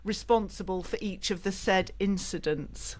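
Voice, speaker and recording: A woman's voice: medium pitch, moderate pace. A woman hosting a podcast interview, reading listener questions aloud and laughing along with her guest. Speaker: podcast host.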